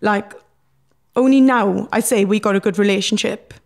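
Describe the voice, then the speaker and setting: Candid young Welsh woman, gravelly edge. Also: medium pitch, normal speed, darkish tone. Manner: emotional, swears freely, many fillers. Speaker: reality TV personality, guest. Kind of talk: candid podcast interview.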